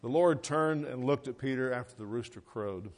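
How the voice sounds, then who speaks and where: A man's voice: medium pitch, moderate pace. A middle-aged man preaching a sermon, reading scripture and explaining it in a folksy, conversational way with rhetorical questions. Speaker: pastor.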